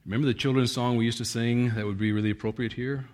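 Expressive male pastor preaching. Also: medium pitch, quick pace. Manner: expressive preaching, reads scripture with emphasis, chuckles often. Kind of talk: sermon.

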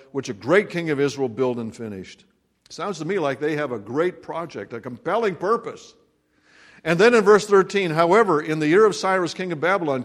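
Male pastor, higher-pitched, earnest preaching style, reads scripture and addresses the congregation directly. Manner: earnest preaching, acts out quoted voices, direct questions to listeners. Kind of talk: sermon.

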